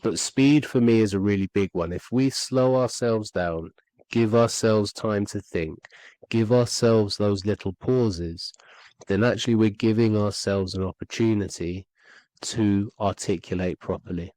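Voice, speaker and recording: A man's voice: lowish voice, measured pace, a little mellow, dry recording, poor audio. A man teaching voice and speaking skills on a podcast, earnest and repeating key points for emphasis. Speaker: communication skills coach. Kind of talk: instructional podcast talk.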